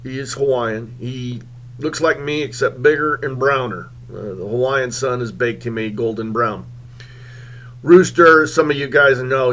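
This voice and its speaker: Rambling, animated male radio host. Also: medium pitch. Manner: animated, rambling, with frequent fillers. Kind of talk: comic radio storytelling.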